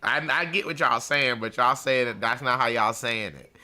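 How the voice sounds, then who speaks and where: A man's voice: mid-range voice, moderate pace, pushed and bright. A man hosting a livestream, delivering a blunt, profane, mocking monologue and laughing at his own jokes. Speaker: show host.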